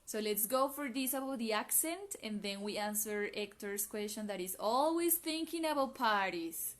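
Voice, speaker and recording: A woman's voice: medium pitch, expressive, moderate pace, a bit bright. A woman with an American accent hosting a live online English class, chatty, laughing often and asking the viewers questions.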